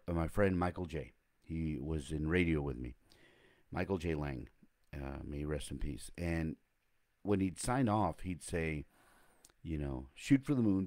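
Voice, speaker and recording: A man's voice: deep voice, a little mellow. A man hosting a casual motivational talk, rambling and reflective, often correcting himself mid-sentence.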